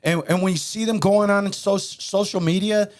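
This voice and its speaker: A man's voice: high-pitched, fairly even intonation, normal speed. A man hosting a talk show, preaching in a heated, emphatic and repetitive way. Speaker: podcast host.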